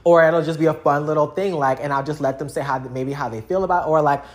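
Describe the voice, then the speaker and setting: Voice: mid-range voice, steady tone, fast, echoey room. A young adult vlogger talking in a casual, rambling monologue full of slang and fillers.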